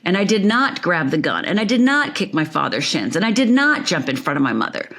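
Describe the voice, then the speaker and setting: A woman's voice: on the low side, very animated, fairly quick, a bit bright. A woman from Upper Michigan telling her life story as an interview guest, vivid and emphatic, repeating phrases for effect.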